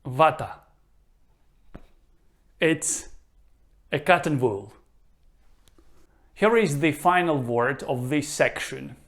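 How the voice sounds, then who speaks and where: A man teaching a reading lesson, pronouncing each word slowly and leaving gaps for the listener to repeat. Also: on the high side, a bit bright. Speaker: Russian language teacher. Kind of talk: slow, careful language lesson.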